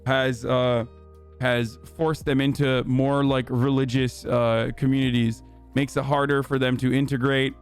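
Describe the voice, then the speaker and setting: A man's voice: medium pitch, level tone, unhurried, clean tone, faint music behind. Profane, heated man streaming commentary. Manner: profane and heated, with frequent fillers. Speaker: livestream host. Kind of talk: livestream commentary.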